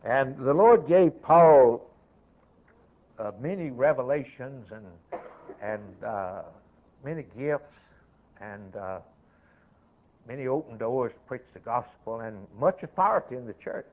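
A man preaching a sermon, emphatic, moving between loud declarations and quiet, dropped-off asides. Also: mid-range voice, lively intonation, takes it slowly, long pauses. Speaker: pastor. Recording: tinny, narrow-band old sermon recording.

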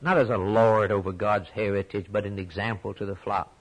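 A man preaching a sermon with passion, dropping low and quiet, then rising high and loud on key points, often repeating words. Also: steady tone, fairly quick, breathy edge, poor audio. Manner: repeats words when stirred.

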